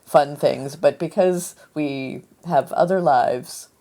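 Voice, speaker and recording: Earnest woman with a lower voice. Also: slow pace, vocal fry, dark tone. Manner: earnest, self-conscious, rambling. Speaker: radio show co-host. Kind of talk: casual chat.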